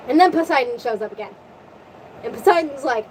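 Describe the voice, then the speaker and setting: A woman retelling a story in a casual, profane, animated rant, her voice tiring from long talking. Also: high-pitched, a little hiss or hum, low-quality recording. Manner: animated, profane, rapid recap. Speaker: vlogger.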